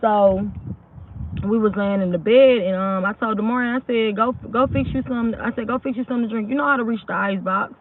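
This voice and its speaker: A woman's voice: fairly high pitch, quick pace, a little hiss or hum. A woman recounts a personal story in a loose, rambling way, with lots of restarts and frequent check-ins with her listeners. The sound is thin and tinny, like a voice coming through a phone line. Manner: rambling, keeps asking "you know what I'm saying". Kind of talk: casual spoken true story.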